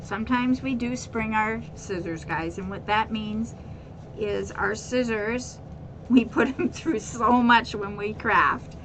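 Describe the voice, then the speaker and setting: A woman's voice: fairly high pitch, slow pace, background noise. Chatty woman demonstrating a craft task. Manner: chatty, repeats words, addresses viewers as guys. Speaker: craft tutorial host. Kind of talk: casual how-to demonstration.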